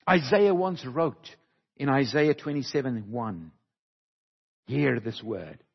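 A man preaching a sermon slowly and emphatically, with dramatic pauses, recorded in a church hall. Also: a little high, slightly rough. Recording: dull, lo-fi recording with long hall reverb.

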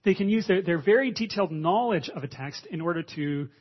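A man's voice: high voice, lively intonation, brisk, breathy edge, highs cut off. A man preaching a sermon in a conversational way, with frequent restarts and fillers.

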